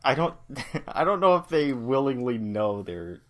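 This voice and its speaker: A man's voice: mid-range voice, sing-song, a bit bright. Regular-voiced guy talking through comic panels, lots of likes and ums. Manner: halting, explains panel layouts with fillers. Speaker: podcast co-host. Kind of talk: casual chat about a comic.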